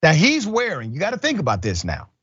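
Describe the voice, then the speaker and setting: A man's voice: on the high side, wildly swooping pitch, a little fast, fairly bright tone, husky, dry recording, highs cut off. A man hosting a news commentary show, stressing his points by repeating them.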